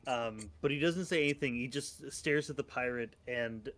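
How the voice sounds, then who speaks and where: Halting man describing his turn. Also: medium pitch, a bit bright. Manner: halting, descriptive, many fillers. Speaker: player. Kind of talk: playing a tabletop game online.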